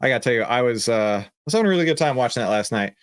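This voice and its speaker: Middle-aged male host, chatty and excited, mid-pitched voice, dry close-miked sound. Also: racing, dry recording. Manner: excited, chatty, reads viewer comments aloud. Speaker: show host. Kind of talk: casual livestream commentary.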